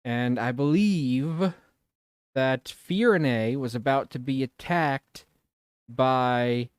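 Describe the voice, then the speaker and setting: A man chatting to his viewers while he plays a game. He wanders from thought to thought and pokes fun at himself, with plenty of casual swearing. His voice sits at an ordinary pitch for a man, with faint music underneath. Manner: rambling, self-mocking and swearing freely. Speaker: game streamer. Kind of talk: casual let's-play commentary.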